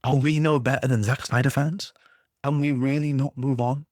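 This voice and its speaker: A man's voice: medium pitch, steady tone, moderate pace, darkish tone, dry recording, clean studio sound. A man ranting about a video game series he loves, swearing constantly in an exasperated, passionate way. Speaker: gaming YouTuber.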